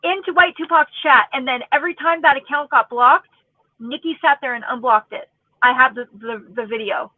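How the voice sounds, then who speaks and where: A woman's voice: high-pitched, moderate pace, dry recording. A woman in her forties ranting angrily in casual, profane, sarcastic commentary as a YouTube commentator. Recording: tinny phone-like audio, dry.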